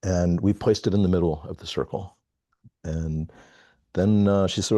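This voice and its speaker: Low-voiced man telling a story haltingly. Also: steady tone, dark tone, no room sound. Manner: halting, reflective, many pauses and fillers. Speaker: call participant. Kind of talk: casual personal storytelling. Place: home, on a video call. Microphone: video call mic.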